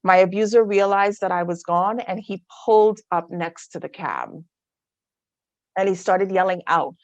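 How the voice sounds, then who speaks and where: A woman with a lowish voice tells her own story in a personal testimony talk, turning now and then to her listeners with asides. The sound is dry and close, as on a video call. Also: steady tone, normal speed, dry recording, lo-fi sound. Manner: candid storytelling with asides to the audience. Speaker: guest speaker.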